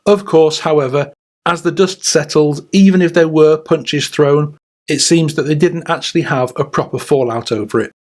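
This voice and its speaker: A man hosting a channel, reading a scripted documentary narration in a measured, wry way. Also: fairly high pitch. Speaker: YouTube host.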